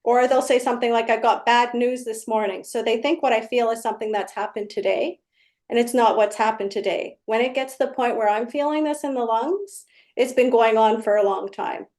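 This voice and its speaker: A woman's voice: fairly high pitch, fairly quick, darkish tone. A woman energy healer explaining her work in casual conversation, telling client stories and acting out their exchanges. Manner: storytelling, acts out client exchanges.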